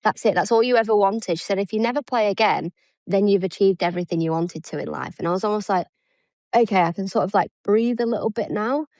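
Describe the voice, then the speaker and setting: A woman's voice: mid-range voice, fast, a little mellow, no room sound. Chatty self-deprecating English woman. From England. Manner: chatty, self-deprecating, acts out quoted dialogue. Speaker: guest, former international cricketer. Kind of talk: casual interview chat.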